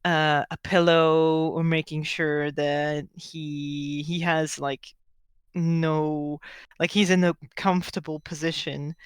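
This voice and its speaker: A game master running a tabletop game at an unhurried pace, explaining at length how characters react. The voice is smooth and clean, recorded dry and close. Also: mid-range voice, little pitch movement, dry recording.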